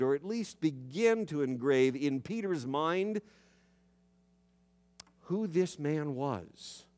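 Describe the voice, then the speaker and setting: Man preaching, story-driven sermon, fairly high voice, long church echo. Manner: conversational storytelling, dramatic slowdowns. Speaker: pastor. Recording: long reverb of a large hall.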